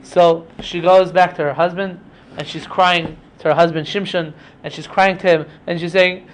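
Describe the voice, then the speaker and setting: High-voiced man telling a story. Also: fairly even intonation, normal speed. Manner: chatty, with frequent fillers and asides. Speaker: teacher. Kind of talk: casual storytelling lesson.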